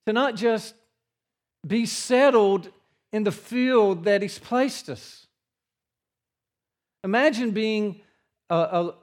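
A man preaching a sermon to his congregation in a church, earnest in tone and dropping his voice low for the quiet passages. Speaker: pastor.

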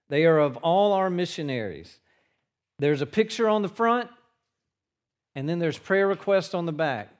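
A man preaching a sermon to his congregation in a church, earnest in tone and dropping his voice low for the quiet passages. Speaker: pastor.

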